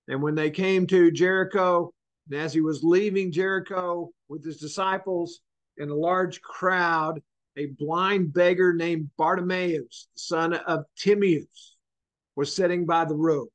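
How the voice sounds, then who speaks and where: In a church Bible study class, a man with a notably high voice teaches earnestly. He draws his words out and repeats them to hammer a point home.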